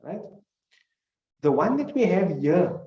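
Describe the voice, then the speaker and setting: A man's voice: sits high, big pitch swings, slow, mellow, echoey room, recorded from a distance, muffled recording. A male teacher gives a classroom lecture, explaining with examples and putting questions to his students.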